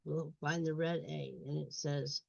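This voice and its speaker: A woman's voice: low-pitched, little pitch movement, measured pace, vocal fry, a little mellow, dry recording. A woman tutoring reading in a step-by-step walkthrough, repeating sounds and words. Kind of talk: instructional screen walkthrough. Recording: dull lo-fi recording.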